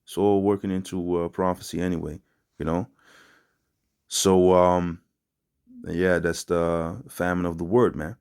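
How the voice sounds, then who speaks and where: A man's voice: sits low, flat delivery, unhurried, pauses often, a little mellow, smooth. A man giving an informal religious teaching in street slang, rambling with many fillers and ending his phrases with "man". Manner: street-style slangy preaching, repeats "man". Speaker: preacher.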